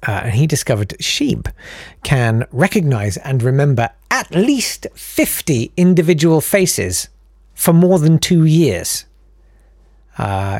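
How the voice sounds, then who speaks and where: A man's voice: medium pitch, darkish tone, dry recording, clean studio sound. A man hosting a comic monologue, rambling with sarcastic asides and frequent self-interruptions. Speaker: comedian host.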